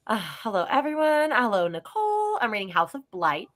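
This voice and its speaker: A woman co-hosting a livestream, chatting casually and reading viewer messages aloud, bubbly and giggly. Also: medium pitch. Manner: bubbly, giggly, talks fast and animated. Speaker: livestream co-host.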